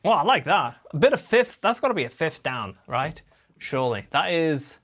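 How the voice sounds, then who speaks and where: A man's voice: a little high, very animated, normal speed, fairly bright tone. Chatty man with guitar behind him. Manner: chatty, rambling, answers chat messages. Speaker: livestream host and guitarist. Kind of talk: casual livestream chat.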